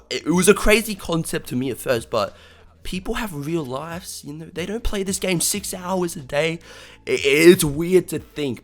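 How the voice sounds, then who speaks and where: Laid-back young man giving gaming advice. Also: medium pitch. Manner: laid-back, rambling, frequent restarts and "you know". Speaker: gaming video host. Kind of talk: casual advice monologue to camera.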